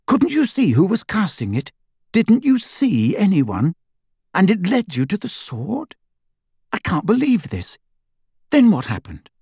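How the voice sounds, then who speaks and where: A man voicing a sharp, clever teenage girl who fires off quick questions. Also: high voice, huge pitch swings, husky, no echo, clean studio sound, pitched above the performer's own voice, heavily acted. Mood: sharp, urgent.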